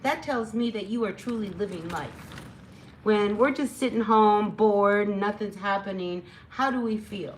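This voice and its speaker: Brief: woman tarot reader, mid-pitched, talking casually and warmly to her viewers. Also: unhurried, slight background noise, rough recording. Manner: chatty, rambling, encouraging, with frequent fillers. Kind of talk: casual spoken tarot reading.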